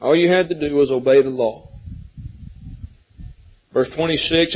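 Guy preaching in a pretty high voice, folksy storytelling, lots of restarts. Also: unhurried, pauses often, a little mellow, low-quality recording. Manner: folksy storytelling, repeats words when restarting. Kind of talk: sermon with storytelling.

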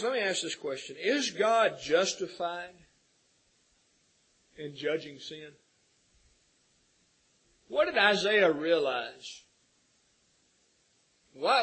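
Husky-voiced man preaching a sermon. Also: sits high, expressive, slow, pauses often, a bit bright, low-quality recording. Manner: preaching with rhetorical questions and swelling emphasis. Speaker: pastor.

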